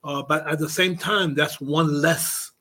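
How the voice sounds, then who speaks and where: Male radio host, Spanish his first language, bright voice, hesitant with many restarts. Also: on the high side, fairly even intonation, a little slow. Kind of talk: casual radio conversation.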